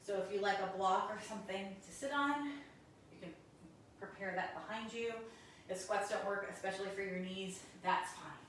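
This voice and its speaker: A woman teaching a guided yoga class, giving calm, encouraging cues while doing the poses and a little out of breath. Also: mid-range voice, normal speed, very echoey, recorded from a distance, slight background noise, poor audio. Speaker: yoga instructor.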